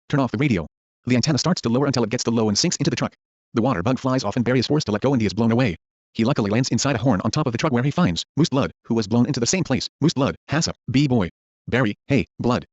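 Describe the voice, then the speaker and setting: Man, fast script reading, names and directions read aloud, dull dry lo-fi audio. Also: medium pitch, no echo. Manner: reads character names and stage directions aloud in one voice. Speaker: script reader. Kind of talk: flat reading of a film script.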